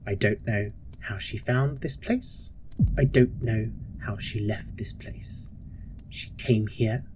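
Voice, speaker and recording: A man's voice: lowish voice, takes it slowly, noisy background. A man voicing a stern, strict orphanage matron in a tabletop game, talking in a harsh, lecturing way over faint music. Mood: hushed stern. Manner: harsh, lecturing, pleading when trapped.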